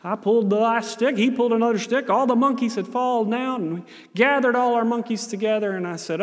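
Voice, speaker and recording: An American man preaching a sermon, telling a self-mocking story in an animated way. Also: high voice, fast talker, in a large hall.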